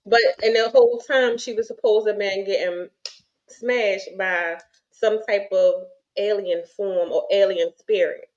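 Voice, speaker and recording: Chatty woman cohost telling stories, trails off a lot, mid pitch, kinda muffled lo-fi sound. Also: steady tone, unhurried, a little mellow. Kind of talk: casual chat.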